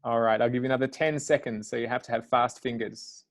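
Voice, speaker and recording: A man's voice: medium pitch, steady tone, fast. A man hosts a live online webinar, reading out viewer questions and running polls. He speaks in an upbeat, chatty moderator's way, with frequent fillers, over a video call. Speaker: webinar host.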